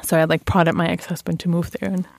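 German-accented woman guest, middle-aged, gravelly voice, anecdotal and chatty. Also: on the low side, level tone, fast talker, a little mellow, no echo. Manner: chatty storytelling with fillers and laughs. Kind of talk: casual interview chat.

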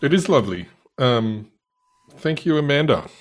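Male podcast co-host, teasing and jokey, very expressive pitch. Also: moderate pace. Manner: joking, teasing. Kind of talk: casual podcast chat.

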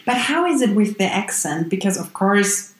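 A woman's voice: mid-range voice, sing-song, moderate pace, roomy sound. A woman host asking short, curious questions in casual English. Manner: curious, brief questions, laughs along. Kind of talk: casual interview.

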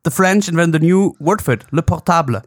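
Man, somewhat high and hesitant. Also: fairly quick, dry recording, clean studio sound. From Germany. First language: German. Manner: hesitant, searching for words with many fillers. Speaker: podcast co-host. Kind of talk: casual chat.

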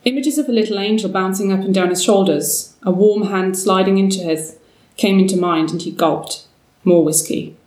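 A woman narrating a story aloud in a measured, steady way. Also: mid-range voice. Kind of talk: storybook reading. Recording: roomy, distant mic.

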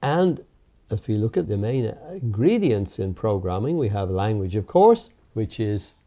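Man, hypnotherapy teacher, low voice, mellow tone, measured and emphatic. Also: sing-song. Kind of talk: explanatory interview talk.

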